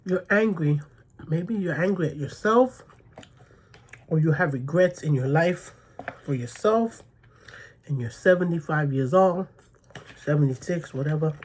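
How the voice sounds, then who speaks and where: Low-voiced, slow-talking New woman. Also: darkish tone, breathy edge. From the Bronx, New York. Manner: emphatic, repeats phrases, frequent "okay?" and "you know what I mean?". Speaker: mukbang vlogger. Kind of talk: casual storytelling to camera.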